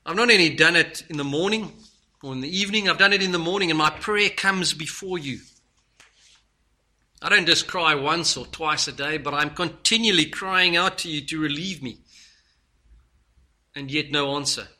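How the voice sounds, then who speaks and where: A man preaching a sermon, earnest, moving between loud stresses and hushed lines. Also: on the high side, normal speed, pauses often.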